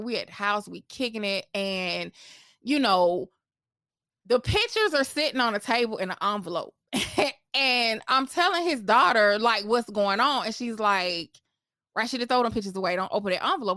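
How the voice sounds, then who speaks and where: A woman tells a personal story for her vlog, candid and animated, with plenty of swearing. Her voice sits a little high. The sound is dry and close, with no room behind it. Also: dry recording. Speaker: vlogger.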